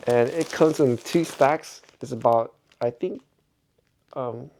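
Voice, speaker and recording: A man's voice: medium pitch, slow pace, darkish tone, slight background noise. A middle-aged man vlogging in a rambling, reflective way, chuckling often as he talks. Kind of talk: casual vlog monologue.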